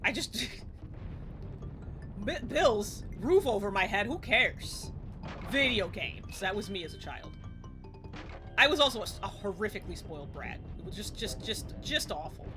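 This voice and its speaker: Excitable, laughing woman streamer in her forties. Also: medium pitch, a little slow, pauses often, over music. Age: about 40. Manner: excitable, swears, laughs often, yelps at the game. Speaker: game streamer. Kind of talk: live gameplay stream chat. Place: home streaming setup in front of a green screen.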